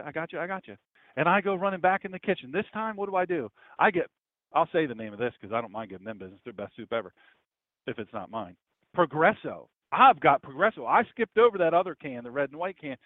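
A male preacher tells stories with animation, often repeating himself for emphasis. His voice sits somewhat high. The sound is dry and narrow, like a phone line. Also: no echo. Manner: animated storytelling, repeats phrases. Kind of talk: sermon-style talk.

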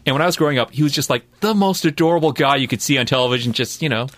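A man in his forties from Indiana, a guest talking casually in a studio and often pausing to hunt for words. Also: mid-range voice, fairly bright tone, no room sound. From Indiana, USA. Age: 40s. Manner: hesitant, searching for words. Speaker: guest comic artist. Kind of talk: casual chat. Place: recording studio.

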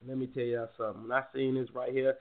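A man's voice: medium pitch, little pitch movement, quick pace. A man hosting a morning show in loose, joking casual chat, full of slang, laughs and restarts. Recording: tinny phone-like sound with faint music.

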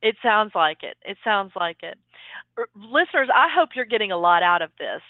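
A woman's voice: medium pitch, sing-song, moderate pace, no room sound. A woman hosting a writing podcast who chats casually and speaks to her listeners with upbeat encouragement. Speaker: podcast host. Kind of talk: casual chat. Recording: tinny phone-line sound, dry.

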